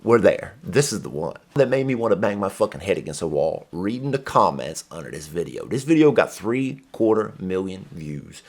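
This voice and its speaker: A man's voice: low voice, very animated, normal speed, few pauses, darkish tone. A man hosting a reaction commentary, ranting in a profane, exasperated way. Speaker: commentary host. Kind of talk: heated reaction rant.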